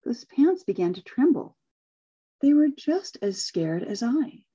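A woman reading a rhyming children's story aloud with lively expression, then leading a group discussion over a video call and laughing often. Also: fairly high pitch, a little slow, slightly rough, muffled recording. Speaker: workshop facilitator.

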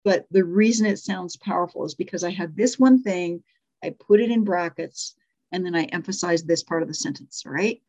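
A woman's voice: on the low side, normal speed, a little mellow. A middle-aged woman teaching a live workshop on speaking, demonstrating examples aloud and correcting herself as she goes. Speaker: communication coach.

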